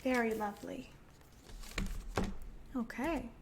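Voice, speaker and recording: A woman hosting a library storytime for young children, talking through finger rhymes in a gentle, encouraging way. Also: on the high side, slow pace, vocal fry, a little hiss or hum.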